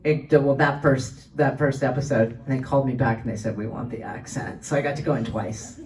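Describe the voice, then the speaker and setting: A woman's voice: very deep voice, fairly even intonation, brisk, a little mellow. Woman voice actor, convention panelist, rambling anecdotal storyteller, distant mic. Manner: chatty storyteller, many restarts and fillers. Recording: voice from far off the mic.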